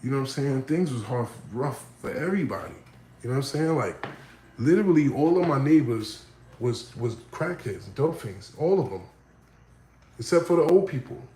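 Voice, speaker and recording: A man casually telling his life story, often checking in with the listener, growing animated when he acts out other people. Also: medium pitch, moderate pace, reverberant, slight background noise, poor audio. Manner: conversational, frequent "you know what I'm saying", animated when quoting others. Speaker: vlogger.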